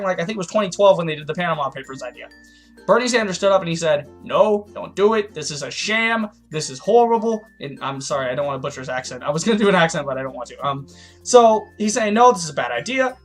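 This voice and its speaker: A man's voice: on the high side, fairly bright tone. A man giving a heated, profane political rant as a vlogger, stumbling over restarts. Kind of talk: ranting political commentary.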